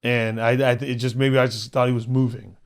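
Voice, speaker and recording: A male comedian who is a podcast guest tells a personal story in a relaxed, conversational way. His speech is halting and full of repeated words, and he acts out the other people's voices. His voice sits at an ordinary pitch for a man. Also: clean tone. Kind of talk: casual storytelling.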